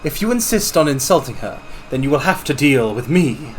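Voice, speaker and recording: A man's voice: mid-range voice, big pitch swings, normal speed, slight background noise, natural voice. A man voicing a chivalrous young prince in a game, formal and courtly.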